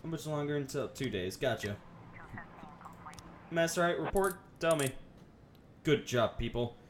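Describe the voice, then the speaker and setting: A man's voice: on the high side, lively intonation, unhurried, a little hiss or hum. A young man casually commenting on his gameplay during a live stream, joking and rambling to himself as he plays. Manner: joking, rambling, talks to himself while playing. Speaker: game streamer. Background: faint game music.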